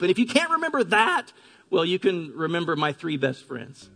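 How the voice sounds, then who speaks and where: A man's voice: a little high, big pitch swings, gravelly, fairly bright tone, husky, soft background music. A middle-aged male pastor giving an earnest, emphatic sermon in a church gymnasium. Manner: earnest, emphatic preaching with slow stressed phrases. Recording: long hall reverb.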